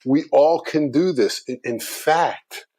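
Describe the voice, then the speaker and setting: A middle-aged man, a guest on a business talk show, telling a story in conversation with animated delivery. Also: fairly high pitch, slow pace. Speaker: guest speaker on customer experience.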